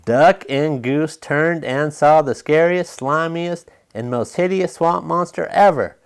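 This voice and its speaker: A man's voice: on the high side, a little slow, smooth. A man reading a children's storybook aloud. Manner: chuckling, playful asides.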